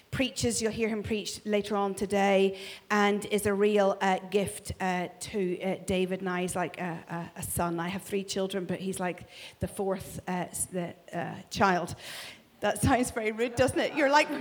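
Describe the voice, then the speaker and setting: A woman in her forties with a Northern Irish accent, speaking to a church congregation on a handheld mic, joking and enthusiastic. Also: mid-range voice. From Northern Ireland. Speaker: prophetic minister. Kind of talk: lively church talk to a congregation. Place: church hall.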